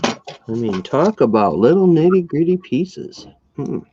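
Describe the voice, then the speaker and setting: Man, casual crafting chat, slightly high voice, dull audio. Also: very animated, a little slow, mellow, slightly rough. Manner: easygoing, laughs often. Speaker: livestream co-host. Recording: lo-fi livestream audio.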